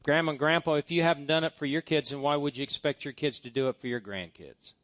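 A man's voice: on the high side, fast talker, fairly bright tone, no echo. A male pastor preaching a sermon, reciting scripture-based blessing prayers with emphasis. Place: church.

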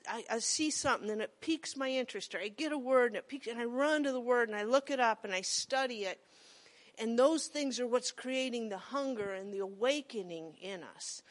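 Woman preaching in a chatty storytelling way. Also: a little high. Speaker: pastor. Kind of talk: sermon.

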